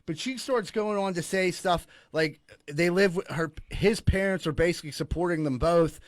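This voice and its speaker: A man co-hosting a casual podcast, rambling and animated, swearing freely among his friends. His voice sits a little high. The room sounds dry and close. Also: normal speed, dry recording. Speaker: podcast co-host. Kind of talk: casual chat among friends, reading ads.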